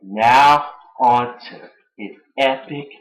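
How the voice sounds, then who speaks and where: A young man from Atlanta giving excited, casual fan commentary, often laughing as he retells moments. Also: medium pitch, extremely slow, poor audio. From Atlanta, United States. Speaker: wrestling fan vlogger.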